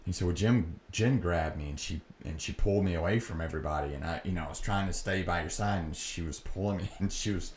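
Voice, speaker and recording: A man's voice: low voice, quick pace, hardly any pauses, darkish tone. A middle-aged man hosting a podcast, earnestly recounting a personal story and acting out the dialogue. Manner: earnest, reflective, re-enacts dialogue. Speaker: podcast host. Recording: echoey room with faint background noise.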